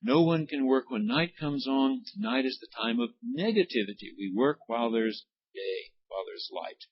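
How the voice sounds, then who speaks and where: A man leading a church Bible study, reading scripture aloud and pausing to explain words and their pronunciation. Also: mid-range voice, expressive, slightly rough, dull audio. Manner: reads passages aloud, then stops to explain words and pronunciation. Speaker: Bible study teacher, pastor. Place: church classroom.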